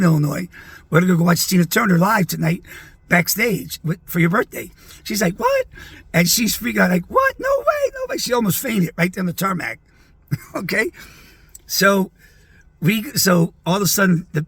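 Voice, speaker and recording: A man's voice: a little high, creaky, a bit bright, breathy edge. A man in his sixties telling a long, chatty personal anecdote to viewers, rambling and peppered with asides. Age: 60s. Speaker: video storyteller. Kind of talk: casual anecdote told to viewers.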